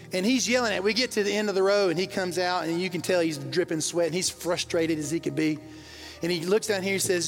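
A man's voice: high-pitched, fast, creaky. A middle-aged pastor from the American South preaching a sermon to his congregation, telling stories and rising to fervent intensity. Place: large church hall. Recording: reverberant church hall with soft music.

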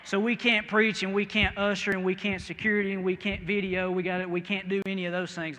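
A man from the American Midwest preaching a sermon in a folksy, storytelling way, going from quiet to loud. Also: high voice, fairly even intonation, brisk, hardly any pauses, long reverb tail.

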